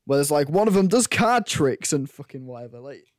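A young man co-hosting a casual film podcast, relaxed and agreeable, often laughing along. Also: on the high side, brisk, no echo, studio quality. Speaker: podcast co-host.

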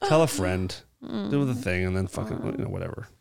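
A man's voice: sits low, lively intonation, a little fast, a little mellow. A man hosting a casual podcast, teasing his co-hosts and swearing and laughing often. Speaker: podcast host. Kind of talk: casual chat.

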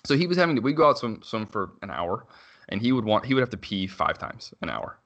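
Thirties dad type, low and fast, bright-edged voice, loose rambly storyteller with filler-heavy delivery. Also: male voice, very animated, dull audio. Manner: rambling, frequent "like" fillers and self-restarts, quick laughs. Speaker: father telling a story. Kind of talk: casual conversational chat.

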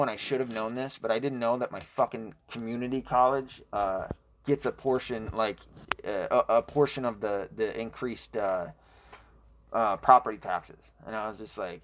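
A man's voice: mid-range voice, moderate pace. Profane, blunt man rambling on a livestream. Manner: profane, blunt, frequent restarts; chuckles at himself. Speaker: livestream host. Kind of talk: casual rambling livestream talk.

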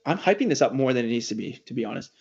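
A man hosting a casual sports podcast, rambling and joking in an animated way. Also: medium pitch, rapid-fire, gravelly, slightly rough, dull audio. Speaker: podcast host.

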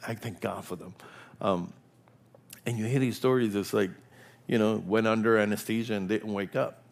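In a lowish voice with fairly even intonation and a moderate pace, an older preacher gives a fervent, repetitive sermon that alternates between whispering and loud, mounting exclamations.

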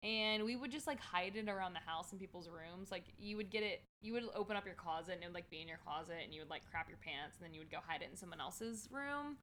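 A woman's voice: fairly low pitch, lively intonation, quick pace, few pauses, a bit bright, slight background noise. A woman in her twenties chatting casually and telling stories, filling her talk with "like". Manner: chatty storytelling, heavy use of "like". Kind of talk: casual chat.

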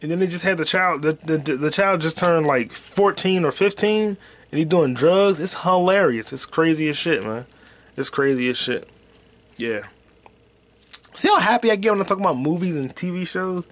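A man hosting his own podcast in loose, profane, slangy chat, with excited bursts and quiet mutters as he reads comments. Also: on the high side, moderate pace. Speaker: podcast host. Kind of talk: casual solo podcast chat.

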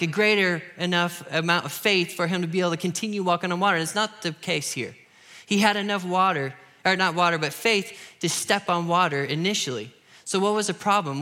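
A man's voice: sits high, sharp tone. A young man preaching a sermon, earnest and building to emphatic peaks.

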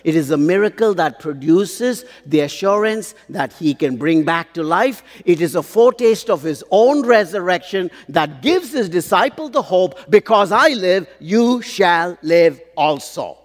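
A man preaching a sermon, pausing for effect and asking the congregation rhetorical questions. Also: high-pitched, lively intonation. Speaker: pastor. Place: large church hall. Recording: long hall reverb.

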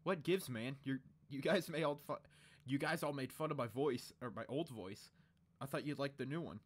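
A man voicing an awkward, excitable young boy who shows off his new voice, in a fan comedy dub over a video call. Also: mid-range voice, normal speed, lightly acted. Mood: hurt.

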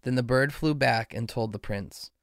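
A man reading a fairy tale aloud in a slow, measured way. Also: mid-range voice, a bit bright, dry recording, clean studio sound. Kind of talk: storybook reading.

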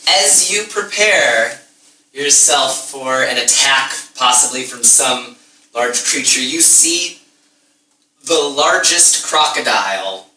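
A man narrating as game master in a tabletop game, relaxed and halting. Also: medium pitch. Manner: relaxed, halting, with ums and laughs. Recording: echoey room, distant mic.

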